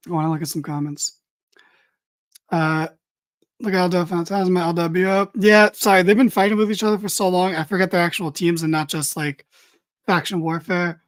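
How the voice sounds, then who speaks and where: A woman's voice: lowish voice, fairly even intonation, moderate pace. A woman giving a casual, opinionated wrestling recap, blunt and swearing freely as she reads viewer comments. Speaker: wrestling show reviewer.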